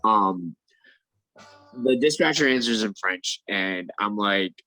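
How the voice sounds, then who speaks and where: A man telling a story in casual chat, animated and stammering, acting out the other people's lines. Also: lowish voice, slow, no room sound, faint music behind, poor audio. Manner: animated, acts out quoted voices, stammers and restarts. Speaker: MMA fighter guest.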